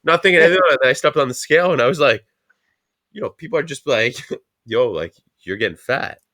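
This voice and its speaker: A man's voice: fairly high pitch, quick pace. A man, telling a rambling story full of swearing as a podcast host. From Canada. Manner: rambling, swears constantly, animated retelling. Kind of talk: casual profane storytelling.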